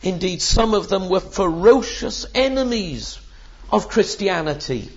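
A man's voice: high-pitched, animated, unhurried. A man preaching a sermon in an emphatic, rhetorical way, with the odd filler. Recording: dull lo-fi sermon recording.

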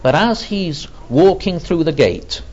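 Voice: mid-range voice, lively intonation, unhurried, a little mellow. A preacher giving a sermon, retelling a story in an earnest, vivid way, on a dull lo-fi recording.

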